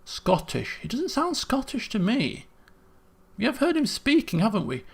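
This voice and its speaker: A man's voice: very high-pitched, huge pitch swings, normal speed, creaky, husky. A man, thinking aloud as he streams a puzzle game, muttering guesses and restarting sentences. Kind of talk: casual gameplay commentary.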